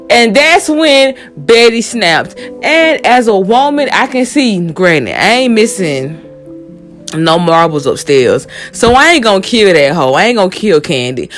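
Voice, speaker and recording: A woman gives her casual recap of a show. Her talk is blunt, profane and heated, with her opinions fired straight out. Faint music sits under her voice. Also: mid-range voice.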